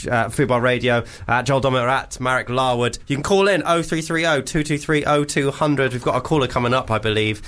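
A man's voice: medium pitch, fairly quick, few pauses, fairly bright tone, clear, resonant tone. A man co-hosting a radio show, bantering playfully and laughing often. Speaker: radio co-host.

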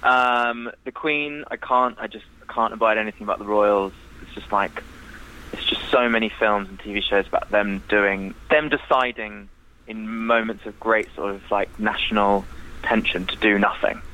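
Bright-voiced man, laughing guest. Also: on the low side, fairly even intonation, moderate pace, slight background noise, poor audio. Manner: laughing, loose, swears casually. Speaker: podcast guest. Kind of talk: casual chat.

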